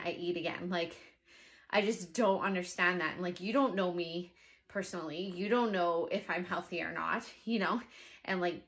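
A young pregnant woman chatting casually to camera as a vlogger, animated and exasperated in her asides. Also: lowish voice.

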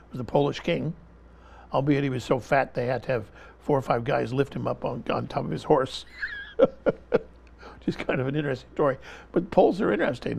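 A mid-range, creaky, slightly mellow male voice. The man is an interview guest offering fervent political commentary in an emphatic manner, repeating his point over and over and refusing to stop when interrupted.

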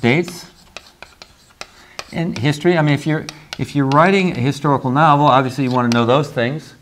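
A man teaching a university creative writing seminar, talking loosely and often pausing with "okay?" to check on the class. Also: fairly high pitch, fairly bright tone, slight background noise. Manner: rambling, frequent restarts and "okay?" check-ins.

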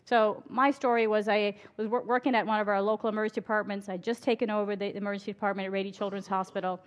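A middle-aged woman who works as an emergency physician gives a candid, story-filled conference talk before an audience in a hall, laughing at her own stories. She speaks quickly in a medium-pitched voice with little pitch movement.

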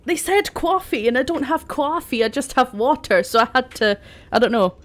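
Young gal streaming, chatty, laughs a lot, swears a bit. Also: female voice, sits high, animated, normal speed. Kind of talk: casual chat while gaming.

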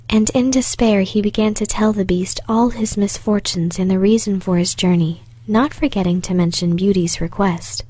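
Soft-spoken woman reading a fairy tale. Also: mid-range voice, steady tone, moderate pace, hardly any pauses, slightly rough, dry recording. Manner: very soft, partly whispered. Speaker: storyteller. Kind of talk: soft storybook narration.

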